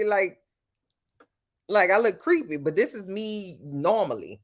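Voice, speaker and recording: A Louisiana woman streams live from home at night, her mid-range voice expressive but slow, with frequent pauses. Casual and playful, she answers chat with some sass and speaks straight to her viewers in a Louisiana accent.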